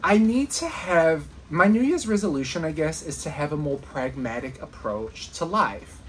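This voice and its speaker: A woman vlogger chatting casually, enthusiastic and excitable, giggling often. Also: low-pitched, moderate pace, a little hiss or hum. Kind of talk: casual vlog chat.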